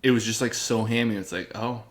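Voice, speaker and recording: A man's voice: fairly low pitch, fairly even intonation, fast. A young man co-hosting a casual podcast chat, rambling with lots of filler words and frequent laughter. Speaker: podcast co-host.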